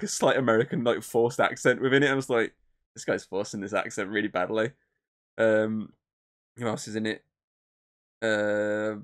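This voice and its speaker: A man talking casually on a podcast in an even middle-pitched voice. He rambles, swears freely and fills his sentences with "like" and restarts. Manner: rambling, swearing, many fillers. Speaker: podcast co-host.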